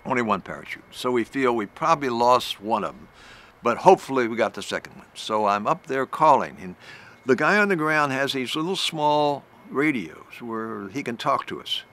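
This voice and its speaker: Older guy telling a story in a talk, bright forceful voice, repeats himself, gets pitchy when it's tense. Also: animated, normal speed. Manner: vivid storyteller, restarts phrases, voice climbs in tense moments. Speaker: retired general giving a presentation. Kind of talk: recorded talk, storytelling lecture.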